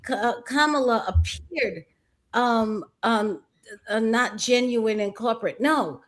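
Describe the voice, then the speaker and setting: A woman speaks slowly and firmly on a talk-show panel, her voice sitting a little high. She pushes back on what others have said. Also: dry recording. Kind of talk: opinionated panel chat.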